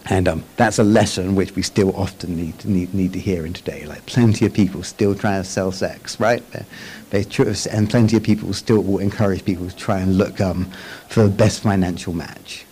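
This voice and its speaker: A man with a fairly low voice delivers a casual, talky sermon, walking his listeners through scripture slide by slide. He keeps tossing in quick checks with the room and stumbles back into his sentences as he thinks aloud. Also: warm tone, slight background noise, rough recording. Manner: chatty, frequent tag questions and restarts. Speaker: Bible teacher.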